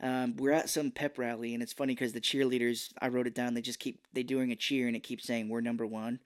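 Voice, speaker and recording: A man co-hosting a film podcast talks in an easygoing, chatty way. His voice sits at a middle pitch. He keeps breaking into quick impressions as he retells scenes. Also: flat delivery. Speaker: podcast co-host. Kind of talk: casual film review chat.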